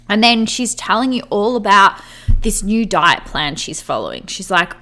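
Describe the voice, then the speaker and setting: A woman's voice: mid-range voice, lively intonation, moderate pace, sharp tone. A woman hosting a podcast in a casual, chatty way, saying "like" a lot and acting out what friends might say. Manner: chatty, fills speech with "like"; acts out imagined friends' voices. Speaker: podcast host.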